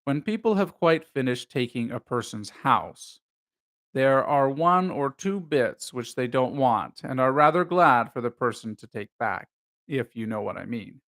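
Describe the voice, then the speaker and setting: A man voicing a gloomy old male donkey who talks slowly and mournfully. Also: mid-range voice, lively intonation, fairly bright tone, no echo. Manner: slow, mournful, sighing delivery.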